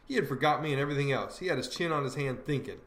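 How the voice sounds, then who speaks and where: A man's voice: mid-range voice, animated, rapid-fire, a bit bright. Man narrating a classic novel, roomy sound. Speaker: audiobook reader. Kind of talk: first-person storytelling narration. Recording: roomy echo.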